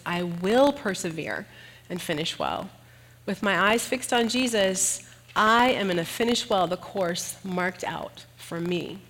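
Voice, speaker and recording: A woman giving a sermon in an earnest way, turning lively and animated when she tells a personal story. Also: medium pitch. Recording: long hall reverb.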